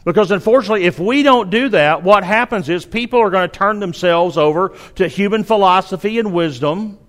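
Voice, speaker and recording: High-voiced preacher in an echoing hall. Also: male voice, fairly quick, fairly bright tone. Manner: earnest, emphatic repetition. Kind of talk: sermon. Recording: long hall reverb.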